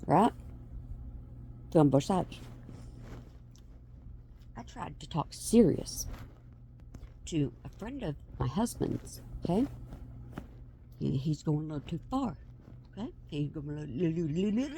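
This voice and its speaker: Animated rambling woman vlogger. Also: sits low, a little hiss or hum. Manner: animated, chatty, trails off and restarts. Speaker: vlogger and mother. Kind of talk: rambling casual chat to camera.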